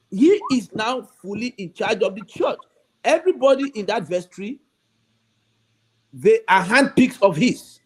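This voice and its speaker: A man, a bishop speaking as a guest on a talk show, earnestly pleading and acting out the dialogue he recounts. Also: high voice. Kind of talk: talk-show interview, storytelling.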